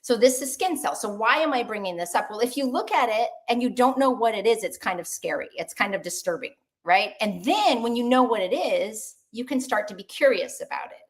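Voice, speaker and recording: A woman doctor giving an online webinar talk in a lively, conversational way, asking the audience questions. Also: on the high side, brisk, hardly any pauses.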